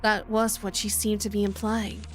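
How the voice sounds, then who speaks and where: Woman reading as a curious nervous teen boy narrating, plain and steady, visual novel readalong. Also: medium pitch, normal speed, soft background music, close to an everyday voice.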